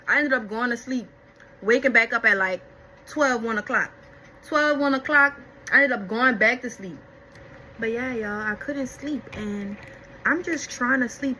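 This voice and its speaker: A young adult woman vlogger telling a story-time in casual, animated chat, talking straight to her viewers. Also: a little high, background noise. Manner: animated, chatty, addresses viewers as y'all.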